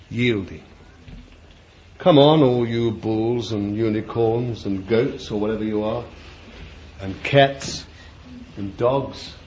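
A man preaching a sermon, dramatic and deliberate, moving from quiet musing to loud cries and drawing out his words. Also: lowish voice. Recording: dull lo-fi recording with faint ambient noise.

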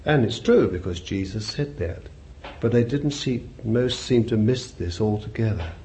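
A man's voice: lowish voice, animated, normal speed, mellow. A man preaching a sermon in a conversational way, repeating phrases and putting questions to his listeners. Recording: dull lo-fi recording with faint hiss.

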